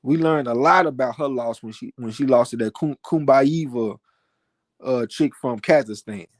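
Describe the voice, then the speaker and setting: A man co-hosting a casual live-stream talk show, animated and profane, often repeating words as he gets worked up. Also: medium pitch, normal speed, no room sound, studio quality. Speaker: podcast co-host. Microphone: home mic on live stream, cutting out.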